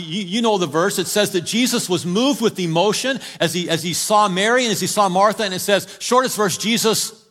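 A high-pitched male preacher delivers a sermon in a storytelling style. He urges his congregation along and swings from near shouts to hushed lines. His voice rings out in a hall with a long reverb. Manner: storytelling, urging the congregation, swings between loud calls and quiet drops. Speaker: pastor.

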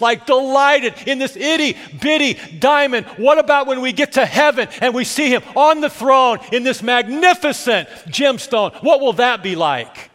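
A man preaching a sermon, telling an animated story and then growing soft and emotional. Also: high-pitched, big-room sound. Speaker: pastor.

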